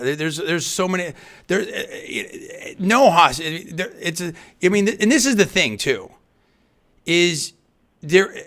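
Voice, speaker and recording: A male talk radio host with a bright, forward voice, delivering a live monologue. He rambles through restarts and qualifiers, then drives his main points home with loud emphasis. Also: medium pitch. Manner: rambling, with frequent restarts and hedges; emphatic, punching key phrases louder.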